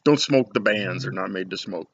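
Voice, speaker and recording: A man's voice: deep voice, normal speed. A middle-aged man chatting casually to camera as a cigar reviewer, rambling and joking at his own expense. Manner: rambling, jokey, self-deprecating. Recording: dull lo-fi home recording with faint noise.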